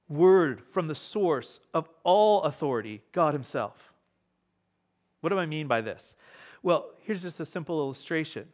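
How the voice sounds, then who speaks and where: Preaching to a live congregation in church, this pastor has a voice on the high side. He delivers his sermon emphatically, repeating key phrases while his pace and volume rise and fall.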